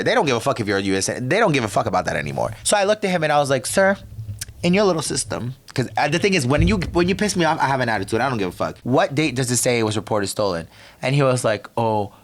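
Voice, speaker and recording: A man's voice: mid-range voice, sing-song, very fast. A young man from the DC area hosting a podcast, telling a story in a sassy, profane, tangent-prone rant. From DMV area, US. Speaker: podcast host.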